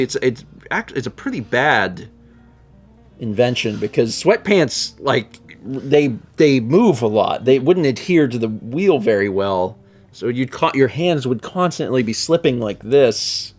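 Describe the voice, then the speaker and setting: Lively rambling male streamer. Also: mid-range voice, measured pace, soft background music. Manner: rambling, self-correcting, lively. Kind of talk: casual gameplay chat.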